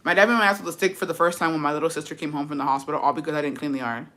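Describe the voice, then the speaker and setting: A young woman live-streams in casual chat, reading comments aloud, laughing often, and being profane and sassy. Her voice is low-pitched and sharp, with fairly even intonation, and she talks very fast.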